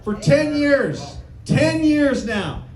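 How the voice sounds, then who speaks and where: Speaking extremely slowly at an extremely high pitch, this political candidate has an expressive, darkish tone. His punchy campaign address to a meeting-room crowd repeats lines and poses questions to listeners, recorded in an echoey space with faint noise.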